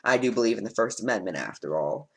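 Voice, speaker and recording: A man's voice: lowish voice, animated, fast talker, vocal fry, fairly bright tone, husky, rough recording. Casual man reading a quiz aloud. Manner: reads statements then answers bluntly, with frequent ums. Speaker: let's play host.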